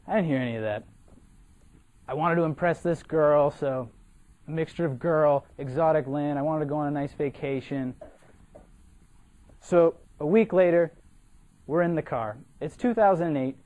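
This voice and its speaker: A young man from Massachusetts, a cadet, giving an animated, humorous storytelling speech for a competition and acting out the people in his story. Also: a little high, normal speed, pauses often, dull audio. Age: young adult.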